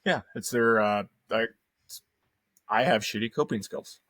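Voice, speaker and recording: A man's voice: fairly low pitch, measured pace, dry recording, clean studio sound. A man co-hosting a casual podcast chat, telling stories animatedly and acting out both sides of conversations. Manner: animated storyteller acting out dialogue. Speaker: podcast co-host.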